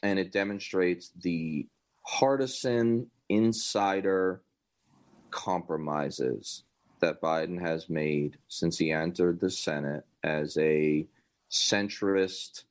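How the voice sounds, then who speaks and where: A man's voice: deep voice, slow pace. A man hosting a podcast, giving opinionated, rambling political commentary with sarcastic asides. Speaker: podcast host.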